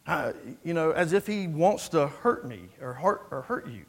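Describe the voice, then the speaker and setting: A man with a high voice preaches a sermon and talks to his listeners like he is chatting with them. He often repeats and restarts his words and keeps asking them rhetorical questions. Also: animated, moderate pace, hardly any pauses. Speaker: pastor.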